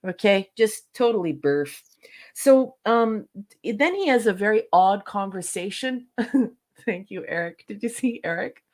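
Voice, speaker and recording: A woman's voice: mid-range voice, animated, measured pace, a little mellow. A woman on a casual podcast, reviewing episodes in an exasperated, sarcastic rant.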